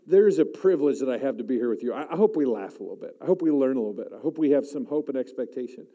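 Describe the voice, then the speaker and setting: A man in his forties preaching at a chapel service, swinging from loud, emphatic lines to a soft, hushed voice when he prays, and calling on the crowd to answer back. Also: medium pitch, racing, in a large hall. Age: 40s. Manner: animated, rising loud for emphasis, dropping soft to pray; calls out to the audience. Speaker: chapel speaker. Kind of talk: sermon.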